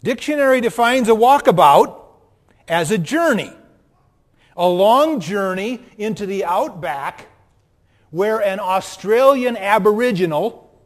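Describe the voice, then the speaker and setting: A man's voice: high-pitched, in a large hall. A man with a Minnesota accent preaching a sermon as pastor, earnest and building to strong emphasis. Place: church.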